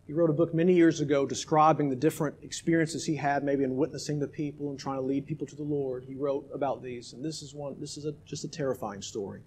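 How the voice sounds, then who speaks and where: High-voiced emphatic male preacher. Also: fairly even intonation, fast talker, hardly any pauses, slight background noise. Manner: emphatic, swings between loud exhortation and hushed asides. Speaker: pastor. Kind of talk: sermon.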